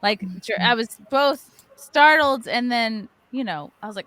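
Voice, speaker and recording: Animated, fairly high-voiced woman host. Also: measured pace. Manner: animated, jokey storyteller. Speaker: podcast host. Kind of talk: casual group chat.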